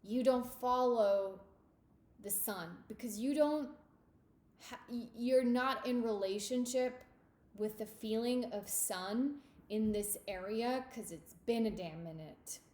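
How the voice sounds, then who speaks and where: Slow, emphatic woman tarot reader. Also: a little high, darkish tone, reverberant. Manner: intimate, emphatic, addresses listener as darling and babe. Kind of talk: tarot reading monologue.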